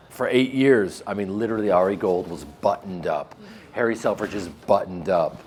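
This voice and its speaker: Here is a man with a flat Midwestern American accent being interviewed about his acting. He talks at an ordinary middle pitch and tells stories casually. He jokes and mocks himself as he goes. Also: slight background noise. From Chicago, American Midwest. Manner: joking, self-mocking storyteller.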